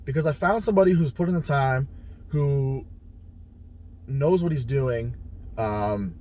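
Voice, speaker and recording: A man's voice: medium pitch, unhurried, pauses often, darkish tone. Blunt, profane man telling a story. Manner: blunt and heavily profane, retells conversations. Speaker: powerlifter sharing his experience. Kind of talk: casual storytelling monologue.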